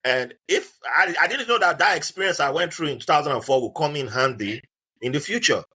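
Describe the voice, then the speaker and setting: A man's voice: a little high, fairly quick, husky. A man from Nigeria with a Nigerian accent, a podcast guest telling a story and acting out the people in it. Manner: animated, acts out the voices of people in his stories. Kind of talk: storytelling in casual podcast chat.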